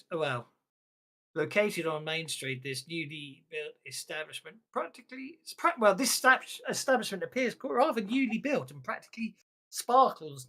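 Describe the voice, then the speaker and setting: A woman's voice: fairly low pitch, a bit bright. A woman with an Irish accent running a tabletop role-playing game as game master. She narrates casually, with fillers, restarts and frequent laughter. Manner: chatty, laughs often, many restarts and fillers.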